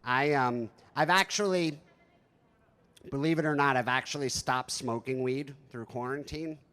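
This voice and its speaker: A man in his thirties performing stand-up, spinning stories about home life in a loose, conversational way. He swears freely and pokes fun at himself. His voice sits at an ordinary middle pitch. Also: unhurried, bright, forceful tone, smooth. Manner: profane, conversational, self-deprecating. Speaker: stand-up comedian. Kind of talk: stand-up storytelling.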